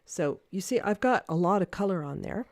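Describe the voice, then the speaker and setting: Mellow-voiced woman teaching watercolor. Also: fairly low pitch, lively intonation, moderate pace, no room sound, clean studio sound. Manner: chatty, thinking aloud, hesitant with many fillers; gentle, encouraging teacher. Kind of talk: casual painting demonstration livestream.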